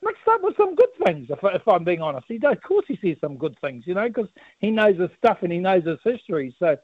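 A New Zealand man talks down a tinny, dry phone line as a radio interview guest. His voice sits on the high side for a man, and he rambles, laughs often and fills his pauses with ums and uhs. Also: big pitch swings, no echo. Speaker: politician guest, campaign director.

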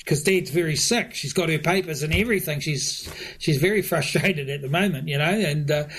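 A New man with a notably high voice, answering as a government minister in a radio interview. He stumbles through restarts and fillers, often breaking into chuckles. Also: a little fast, fairly bright tone, breathy edge.

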